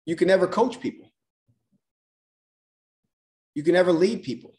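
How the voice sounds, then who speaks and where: A man's voice: high-pitched, moderate pace, a little mellow. A man coaching on a mindset call, talking emphatically and repeating key phrases for effect. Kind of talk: motivational call talk.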